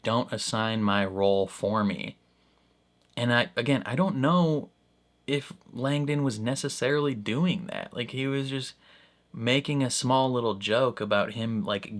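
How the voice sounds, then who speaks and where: A young man hosting a reaction video, thinking out loud in casual commentary, full of "like" and "I don't know", often breaking into a laugh. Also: lowish voice.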